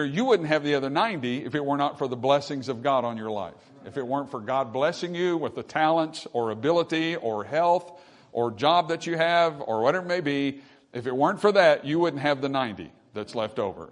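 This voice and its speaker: A man preaching a sermon, teaching with rhetorical questions and repeating key phrases for emphasis. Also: mid-range voice. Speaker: pastor.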